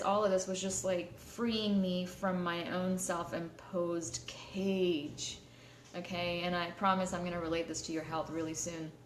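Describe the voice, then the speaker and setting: Woman, lowish voice, candid live-stream talk, echoey room, faint background hum. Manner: candid, many fillers and restarts.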